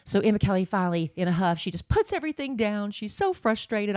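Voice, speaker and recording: A woman's voice: fairly low pitch, expressive, fast talker, few pauses, darkish tone, no echo, studio quality. A woman in her forties co-hosting a podcast, telling a long story in a chatty way with lots of fillers. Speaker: podcast co-host. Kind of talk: casual chat.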